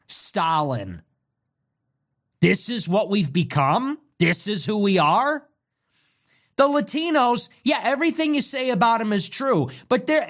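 A man's voice: high-pitched, a bit bright. A man delivering a scornful, mocking rant as a political commentator, hammering points through repetition. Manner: contemptuous, mocking, emphatic repetition. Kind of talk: ranting monologue.

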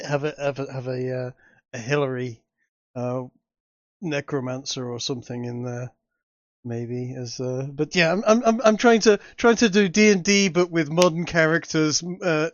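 A man chatting casually as a podcast co-host, animated and quick to laugh. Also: a little high, no echo. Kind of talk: casual chat. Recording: dry, dull lo-fi audio.

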